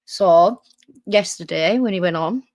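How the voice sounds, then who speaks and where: Woman, reaction streamer, sarcastic, profane, low-pitched, dry recording. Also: measured pace, darkish tone, no room sound. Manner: sarcastic, sweary, talks back at the clip. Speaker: streamer host. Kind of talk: reaction commentary.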